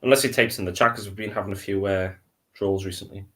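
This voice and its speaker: A man's voice: sits low, steady tone, fast, fairly bright tone. A man on a live stream, chatty and playful, explaining how things work. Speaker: streamer, co-host. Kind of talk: casual stream chat.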